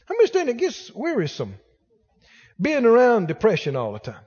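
A man preaching a sermon as pastor, exhorting the congregation and rising to shouts. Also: extremely high pitch, sing-song, normal speed, slightly rough, big-room sound, muffled recording.

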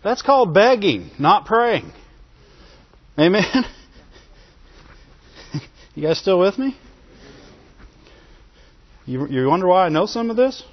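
High-voiced guy preaching, keeps asking amen, dull lo-fi recording. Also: big pitch swings, takes it slowly, long pauses. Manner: asks the congregation for call-and-response "Amen?"; repeats phrases for emphasis and chuckles between points. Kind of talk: sermon.

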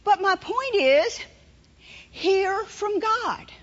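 A woman preaching a sermon, telling stories and acting out voices with lively delivery. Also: very high-pitched, very slow, highs cut off. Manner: storytelling, animated, acts out inner voices.

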